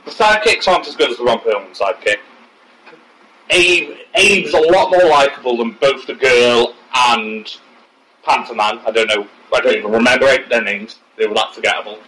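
Man, bright forward tone, blunt opinions, casual podcast chat, faint hiss. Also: medium pitch, moderate pace, poor audio. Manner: opinionated, swearing, trailing off mid-sentence. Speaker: podcast co-host. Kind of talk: casual film discussion.

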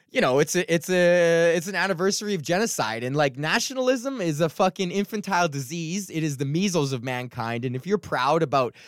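A man's voice: on the high side, dry recording, clean studio sound. A man from Edmonton, Canada, hosting his podcast as a stand-up comic in a rambling, profane solo rant. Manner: profane, ranting, heavy swearing; rambling with restarts and fillers.

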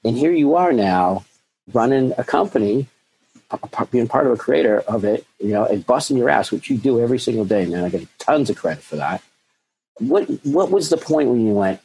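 A man's voice: medium pitch, animated, brisk, a little mellow, breathy edge, rough recording. A man hosting a casual interview, asking questions in a chatty way and tossing in "right?" and "man". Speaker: host.

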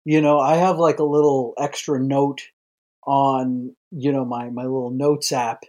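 A man from central Iowa, co-hosting a medical podcast. He talks slowly and rambles, breaking into laughter and hedging with fillers. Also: medium pitch, little pitch movement, a little mellow. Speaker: pediatric infectious disease doctor, co-host. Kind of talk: casual podcast banter.

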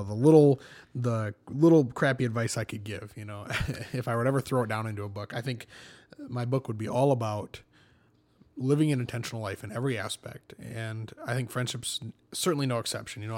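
A young man co-hosting a casual faith discussion, telling stories in an animated, self-deprecating way and laughing often. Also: medium pitch.

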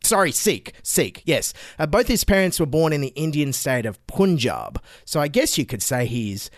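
A man's voice: a little high, very animated, normal speed, no room sound, studio quality. A man hosting a comedy news show, delivering satirical political commentary in a sarcastic, mocking tone.

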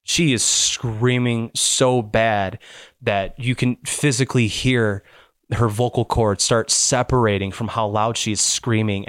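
A man's voice: medium pitch, dry recording, studio quality. A man narrating as game master of a tabletop game, joking and laughing often.

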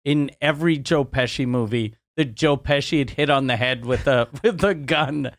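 A man in a casual podcast chat, reacting and joking in an animated way. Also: medium pitch, normal speed, no room sound, clean studio sound. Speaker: podcast co-host.

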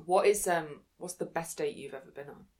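A woman's voice: low voice, a little fast, darkish tone. An English woman co-hosting a casual chat, teasing her friend and playfully repeating words. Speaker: podcast co-host.

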